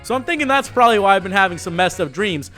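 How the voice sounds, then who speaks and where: A man talks through a video game in a casual, slangy, joking way, full of laid-back asides. His voice sits high and sounds bright. Faint game music runs behind him. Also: lively intonation, quick pace. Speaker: let's play host. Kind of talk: casual gaming commentary.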